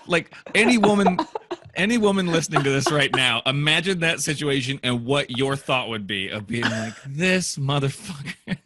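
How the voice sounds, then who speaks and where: A man's voice: medium pitch, normal speed, sharp tone, slight background noise. A man co-hosting a casual chat, chiming in with short replies, laughing along and joking back.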